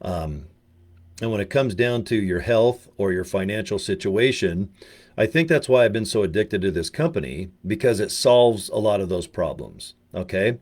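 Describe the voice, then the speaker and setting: Joking older man, low voice. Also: animated, normal speed, darkish tone. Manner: joking, rambling, slangy. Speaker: video presenter. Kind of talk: rambling casual monologue. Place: home in Utah.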